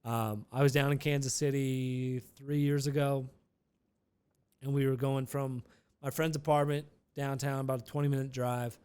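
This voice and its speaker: A man's voice: mid-range voice, little pitch movement, normal speed, darkish tone, clean tone. A man telling a casual, rambling vlog story with many restarts and some profanity.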